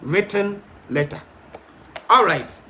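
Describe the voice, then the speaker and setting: A man's voice: high-pitched, animated, slow, sharp tone, a little hiss or hum. A man teaching a Bible study in an emphatic, stern, repetitive way, with frequent fillers.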